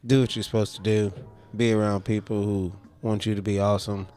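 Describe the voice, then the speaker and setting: Low, laid-back male podcast co-host. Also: little pitch movement, a little fast, darkish tone. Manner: laid-back, teasing, profane. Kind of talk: casual chat.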